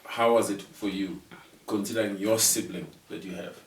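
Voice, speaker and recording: A man's voice: lowish voice, fairly even intonation, normal speed, recorded from a distance. A middle-aged South African man hosting a casual conversation. He is easygoing, repeats his words and chuckles often. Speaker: podcast host and father. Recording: roomy sound, mic set back.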